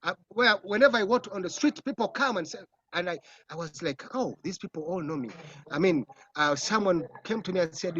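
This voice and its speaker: A man with a Ugandan accent, a film director, telling lively stories in an interview and acting out other people's voices. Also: sits high, a little fast. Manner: animated storytelling, acts out voices, laughs often. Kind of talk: casual interview answers. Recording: dull, muffled audio.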